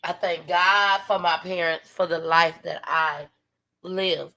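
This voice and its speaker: A tired woman hosting her own livestream, speaking from the heart to her viewers. Her voice sits fairly low and has a gravelly rasp. Now and then her words sink to a near whisper. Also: fairly even intonation, slow, bright, forceful tone. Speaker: livestream host. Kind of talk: emotional livestream talk.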